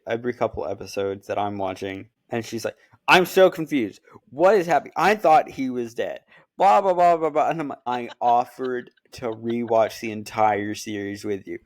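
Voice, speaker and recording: A man in casual chat, telling stories with animated, acted-out quotes. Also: fairly low pitch, dry recording, studio quality. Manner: animated storytelling, acts out quotes. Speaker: podcast co-host.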